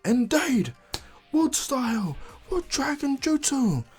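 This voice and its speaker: A man voicing a brash, fiery young boy ninja who shouts battle cries and brags. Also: mid-range voice, fairly quick, faint music behind, close to an everyday voice. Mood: battle cry.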